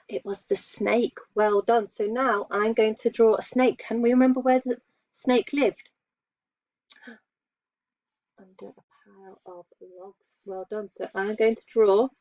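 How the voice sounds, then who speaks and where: Her voice a little high, steady, and mellow, this primary school teacher speaks slowly with long pauses. She draws while patiently questioning and praising young children, captured on a dull, lo-fi, dry recording with no echo.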